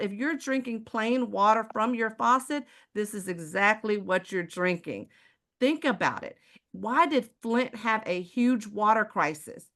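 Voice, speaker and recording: A woman from Houston, Texas, with a Texan accent gives a live online sales presentation in a fairly high, slightly bright voice. She speaks emphatically and keeps firing rhetorical questions straight at her audience.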